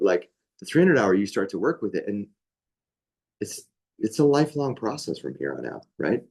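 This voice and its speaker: A man's voice: mid-range voice, darkish tone, slightly rough. A young man teaching a yoga training class in a casual, conversational way, full of asides and checks with his listeners.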